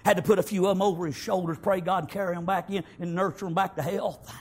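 A man preaching a sermon, telling the story in folksy speech, breaking into shouted bursts and scattering amens through his lines. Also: high voice, steady tone, fast, slight background noise.

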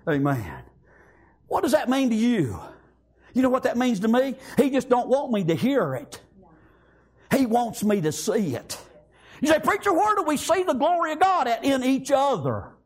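Male preacher, very high voice, fiery revival sermon with shouted bursts. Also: huge pitch swings, moderate pace. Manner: shouting bursts, repeated "amen" and "praise God". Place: church.

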